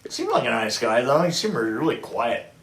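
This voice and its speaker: A man's voice: medium pitch, sing-song, moderate pace, a bit bright. A middle-aged or older man, a production designer telling stories in a casual chat, restarting often and acting out what others said. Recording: echoey room.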